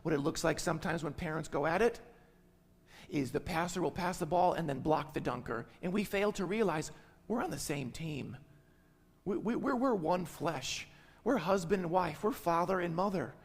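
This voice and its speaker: Emphatic high-voiced male pastor preaching. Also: normal speed, husky, in a large hall. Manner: emphatic, repeats key phrases, tags lines with "right?". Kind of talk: sermon. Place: church sanctuary.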